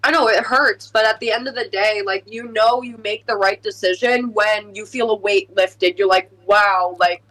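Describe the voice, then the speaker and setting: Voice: medium pitch, fairly even intonation, moderate pace, few pauses, fairly bright tone, rough recording. A podcast guest chatting casually and reflectively.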